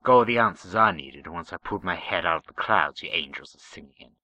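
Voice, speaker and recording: A man voicing a gruff, blunt starship captain in a skeptical, dry drawl, read as part of an audiobook-style story. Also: low voice, expressive, fast, pushed and bright, exaggerated voice, rough recording. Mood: wry.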